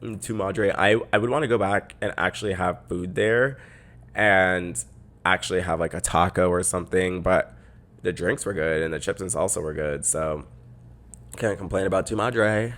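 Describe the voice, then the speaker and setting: A man with a deep voice tells a story on his podcast, chatty and peppered with "like." He sits close to the microphone and talks casually. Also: fairly even intonation, normal speed, fairly bright tone. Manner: chatty, lots of "like" fillers. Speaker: podcast host.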